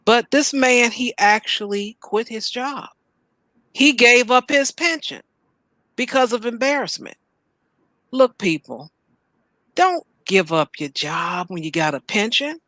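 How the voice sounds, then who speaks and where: A woman hosts a casual reaction show, reading articles aloud and then riffing on them in an animated, joking way. The sound is dry and close, with no room echo. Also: on the high side, slow pace. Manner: animated, playful, reads headlines aloud then riffs. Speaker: host.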